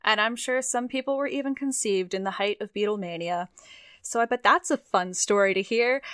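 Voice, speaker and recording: A woman's voice: mid-range voice, a little fast, a bit bright, clear, resonant tone, no echo, clean studio sound. A young woman co-hosting a podcast in casual chat, self-deprecating and prone to restarting her sentences. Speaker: podcast co-host.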